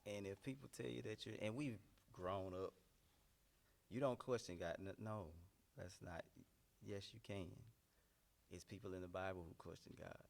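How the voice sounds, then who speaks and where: A pastor and singer with a deep, gravelly voice shares a candid, emotional personal testimony in a steady tone at a moderate pace. He's earnest and heartfelt, repeating phrases to drive his points home.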